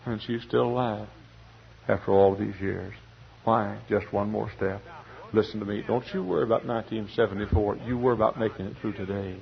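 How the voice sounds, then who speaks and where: A man in his forties preaching a sermon dramatically, swinging between loud bursts and hushed words. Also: lowish voice, fairly even intonation, a little fast, gravelly. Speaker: pastor. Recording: muffled archival radio recording.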